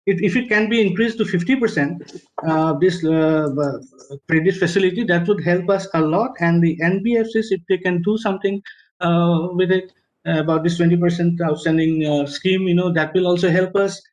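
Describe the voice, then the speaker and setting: A man, a tour business owner speaking in a webinar, halting and emotional, full of fillers and restarts. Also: high-pitched, a little mellow, low-quality recording. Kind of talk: webinar discussion. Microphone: video call.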